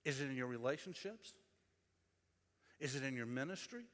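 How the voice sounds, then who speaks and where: A man's voice: medium pitch, lively intonation, normal speed, big-room sound. A man preaching a sermon in a conversational, storytelling way, often repeating his phrases.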